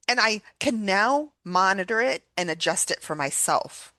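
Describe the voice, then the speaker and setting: A woman chats earnestly on a podcast, circling back over her words with restarts. Her voice sits at a middle pitch. The sound is dry and close. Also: lively intonation, normal speed, hardly any pauses, pushed and bright, no echo. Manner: earnest, with many restarts and repeats. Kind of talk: casual reflective chat.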